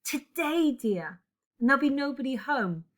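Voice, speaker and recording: A woman's voice: high-pitched, animated, moderate pace, voice pushed up. A woman reading as a grieving, bewildered wife. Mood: bewildered grief. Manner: pleading, repeating herself, breaking into sobs. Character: grieving middle-aged wife, numb and bewildered. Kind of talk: dramatic reading of a play.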